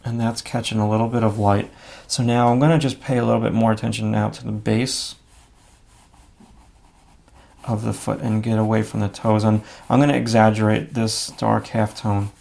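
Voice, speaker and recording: A man giving a relaxed drawing lesson, talking through each stroke as he draws, with frequent fillers and self-critical asides. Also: fairly low pitch, moderate pace, gravelly. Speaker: drawing instructor. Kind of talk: casual instructional narration while drawing.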